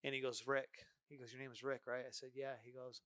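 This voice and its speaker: Casting: male podcast guest, lively storyteller, dry close mic. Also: mid-range voice, quick pace, clear, resonant tone, dry recording. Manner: animated, acts out dialogue, frequent "right?". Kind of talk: casual storytelling.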